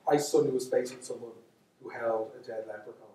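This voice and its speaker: A man's voice: medium pitch, steady tone, fast, very noisy. A man with a Dublin Irish accent, telling stories to a live audience in a lecture hall, chatty and self-mocking, with lots of asides. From Ireland. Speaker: storyteller. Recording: echoey hall, voice from far off.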